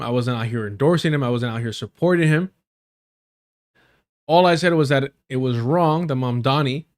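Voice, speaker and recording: A man hosting a live stream, giving blunt, profane and emphatic casual commentary while reacting to clips. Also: medium pitch.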